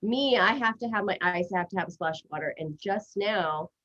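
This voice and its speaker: A woman hosting a casual live stream, talking fast and chatty and giggling at herself. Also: mid-range voice, fairly bright tone. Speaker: host. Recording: dull lo-fi stream audio.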